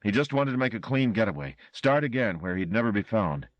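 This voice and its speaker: A man's voice: fairly low pitch, very animated, a little fast, dry recording, muffled recording, pitched above the performer's own voice. A man voicing a frightened, blustering male chauffeur who insists and pleads. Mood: pleading.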